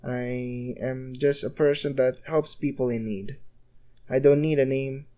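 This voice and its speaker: A man's voice: mid-range voice, steady tone, unhurried, warm tone, dull audio, close to an everyday voice. A man voicing an earnest young male hero who stammers and repeats himself.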